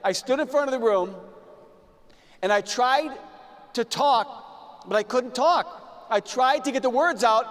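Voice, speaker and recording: A man's voice: very high-pitched, a little slow, pauses often, a bit bright. A man giving a motivational business talk to a room, telling a personal story and repeating words as he goes. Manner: storytelling, repeats words, acts out his own past lines. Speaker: business speaker. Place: large room with live audience. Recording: long hall reverb.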